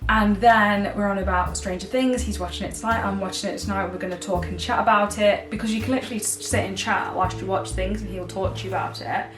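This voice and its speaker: A woman's voice: medium pitch, fairly even intonation, fast talker, hardly any pauses, reverberant, distant mic, over music. A young woman vlogging casually, chatty and dramatic, swinging between outrage and giggles. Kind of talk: casual vlog chat.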